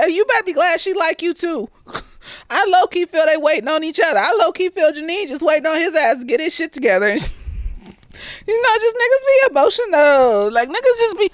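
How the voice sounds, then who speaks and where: A young woman, slightly tipsy, recapping a TV episode in animated, profane chat and laughing often. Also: very high-pitched, fairly quick, dry recording, studio quality. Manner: animated, laughs often, acts out lines from the scenes. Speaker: TV episode reviewer.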